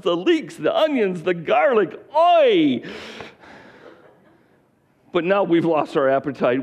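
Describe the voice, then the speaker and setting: A man voicing whining Israelite complainers who wail in a high, whiny voice. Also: full character voice. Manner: high wailing whine.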